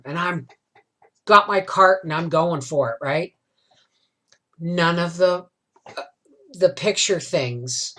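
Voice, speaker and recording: A woman's voice: on the low side, fairly bright tone. A middle-aged woman vlogging, telling a long, emotional personal story in a rambling, confiding way, often tagging lines with "right?". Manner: tag questions like "right?". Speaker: homestead vlogger. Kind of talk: casual storytelling chat.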